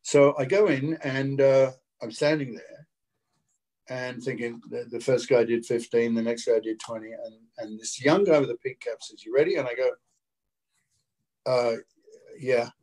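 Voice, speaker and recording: A man telling a story in a casual, animated way. He acts out the other people's lines as he goes, and he talks over a video call. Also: mid-range voice, moderate pace. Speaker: guest actor.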